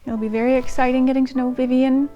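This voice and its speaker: A woman's voice: high voice, little pitch movement, quick pace, lo-fi sound, faint music behind. A woman hosting a diary-reading channel, talking casually to her audience in a chatty, self-deprecating way with frequent ums and restarts. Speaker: channel host reading old diaries. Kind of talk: casual chat to camera.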